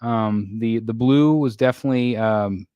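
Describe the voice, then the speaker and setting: A middle-aged man hosting a casual live stream, reading viewer comments and chatting in a rambling, tired way full of fillers and throat clearing. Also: mid-range voice, normal speed, mellow, no echo, highs cut off.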